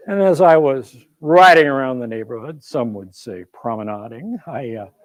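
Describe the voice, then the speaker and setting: In a dry recording, a man with a mid-range, slightly mellow voice performs a one-man historical show. Playing an older Civil War general, he recalls his youth in a wry, folksy, self-deprecating stage monologue.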